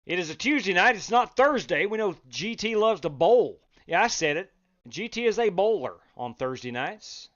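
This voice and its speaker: A man hosting a sim racing league live stream, chatting casually, reading out chat and breaking into loud exclamations. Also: sits high, expressive, moderate pace, dull audio. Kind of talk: live-stream race commentary.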